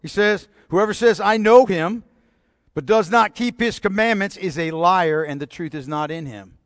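A man's voice: high voice, moderate pace, dry recording, studio quality. A man preaching a sermon, bold and emphatic, driving points home with repeated rhetorical questions.

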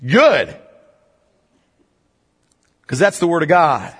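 A man's voice: on the high side, wildly swooping pitch, takes it slowly, slightly rough. A man preaching a sermon, telling a story with acted-out lines and building to impassioned exhortation. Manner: storytelling, rising to impassioned near-shouting. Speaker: pastor. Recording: reverberant hall.

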